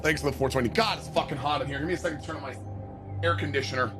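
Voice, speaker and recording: Young Canadian streamer guy, Canadian accent, slightly high voice, profane teasing banter. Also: rapid-fire, music in the background. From Canada, Greater Toronto Area. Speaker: game streamer. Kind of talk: casual livestream chat. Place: home basement office.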